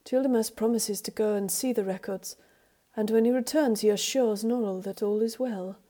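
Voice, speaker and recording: A woman reading a story aloud, in a measured, even storybook narration. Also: fairly high pitch. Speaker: reader.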